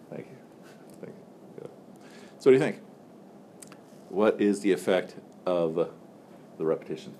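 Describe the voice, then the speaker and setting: Low-voiced man teaching a casual class. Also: sing-song, slow, long pauses, mellow, slight background noise. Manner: joking, loose and conversational, many fillers like "so" and "like". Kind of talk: casual classroom lecture with questions to students. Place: classroom with students.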